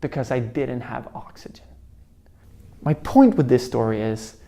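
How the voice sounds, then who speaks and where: A man's voice: mid-range voice, animated, unhurried, gravelly, warm tone. A young man telling a personal story in a motivational talk, acting out voices and sounds as he goes. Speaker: motivational speaker.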